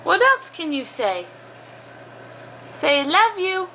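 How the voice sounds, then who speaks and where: A young mother talks to her toddlers at home in a high, bright, sing-song voice. She coaxes slowly and lingers on each word, her pitch swooping up and down. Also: big pitch swings, a little hiss or hum. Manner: slow, sing-song, coaxing baby talk. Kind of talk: home video, coaxing toddlers to talk.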